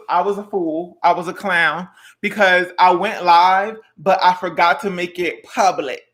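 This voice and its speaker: Bright, sassy young man. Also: sits high. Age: 20s. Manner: sassy, dramatic, playful teasing. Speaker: host. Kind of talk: casual live-stream cooking chat. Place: home kitchen.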